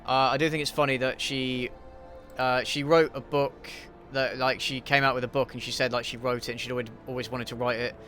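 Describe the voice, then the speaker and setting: A man chats through a laid-back livestream Q&A while gaming, answering viewers bluntly and swearing freely. His voice is bright and forward, and he keeps stalling on ums and restarts. Soft music plays behind him. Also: mid-range voice, flat delivery, a little fast. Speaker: YouTube channel host answering viewer questions.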